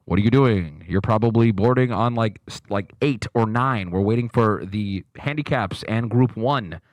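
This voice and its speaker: Man putting on a gruff, fed-up gate announcer. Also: fairly low pitch, normal speed, dry recording, voice pushed down, natural voice. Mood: scolding. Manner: gruff and scolding.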